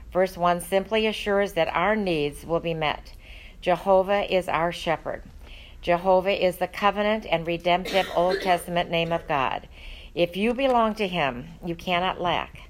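A woman's voice: lowish voice, low-quality recording. A woman teaching a Bible study, talking in an earnest, conversational way with frequent ums and uhs.

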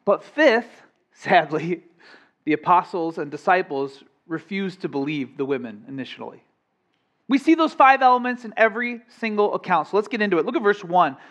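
A male pastor preaching a sermon, energetic and playful, with strong emphasis and jokes for the congregation. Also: high voice, moderate pace.

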